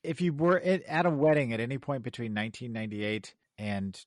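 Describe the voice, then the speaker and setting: A man co-hosts a podcast with a lively voice that swings up and down as he jokes around. The sound is dry and close to the mic. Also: mid-range voice, fairly quick, dry recording. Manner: animated, jokey, bursts into silly bits. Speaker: podcast co-host. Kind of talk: casual chat.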